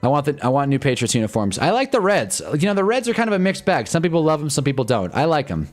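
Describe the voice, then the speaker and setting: A fast-talking young man with a fairly high, sing-song voice runs a live fan stream during a football game. Faint music sits in the background as his wry, exasperated commentary rambles loosely into casual chat.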